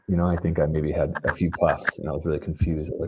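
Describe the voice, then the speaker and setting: Man, very low voice, young adult, animated storyteller, faint background noise. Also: quick pace. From Los Angeles. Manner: animated storyteller, acts out quotes. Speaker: band member guest. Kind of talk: casual interview storytelling.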